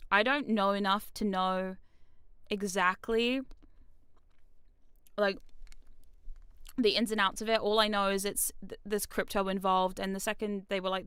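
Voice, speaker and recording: Bright, clear-voiced New woman streamer. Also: medium pitch, no echo. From New Zealand. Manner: rambling, self-deprecating, swears freely. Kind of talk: casual stream chat. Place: home streaming room.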